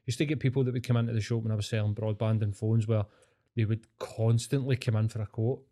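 Dark-voiced sweary Scottish man. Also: on the low side, steady tone, fast talker. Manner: sweary, rambling storyteller. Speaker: podcast host. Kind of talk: casual podcast chat.

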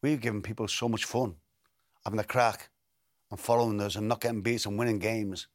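A man's voice: fairly low pitch, steady tone, a little fast, dry recording, clean studio sound. An older man, telling football stories in an interview, often repeating and restarting words. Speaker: interview guest, former footballer. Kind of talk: relaxed storytelling interview.

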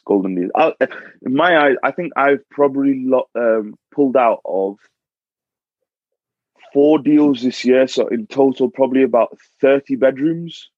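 A man's voice: mid-range voice, no echo. A man tells property stories in casual podcast chat. He repeats his words as he goes and swears now and then. The recording is dry and a little muffled. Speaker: property investor guest.

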